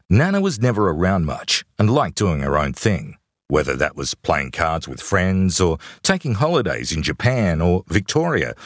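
Aussie bloke narrating his memoir audiobook, low voice, lots of lilt, wry, dry close sound. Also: no room sound. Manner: wry, conversational storytelling. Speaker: author reading his own memoir.

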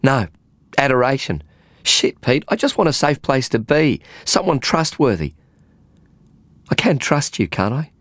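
A man's voice: medium pitch, very animated, unhurried, long pauses, no room sound, voice pushed up. A man voicing a troubled young woman, needy, agitated, dry audiobook sound. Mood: agitated pleading. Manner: pleading, agitated. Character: troubled thirty-year-old woman, restless and needy.

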